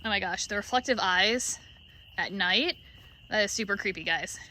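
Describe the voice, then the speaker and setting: A woman's voice: medium pitch, moderate pace, sharp tone. A woman vlogging at night in her sheep pen, chatting to the camera and cooing fondly at her animals. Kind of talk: casual vlog narration.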